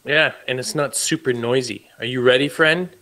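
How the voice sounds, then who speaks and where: A man giving casual co-op game commentary, excitable and prone to yelps and shouts. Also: mid-range voice, moderate pace. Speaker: gamer.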